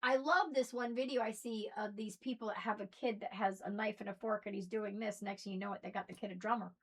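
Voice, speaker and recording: A woman with a mixed Southern and Northern American accent, delivering an impassioned, preachy monologue that swings between loud outbursts and soft asides. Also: medium pitch, steady tone, quick pace. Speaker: spiritual video host.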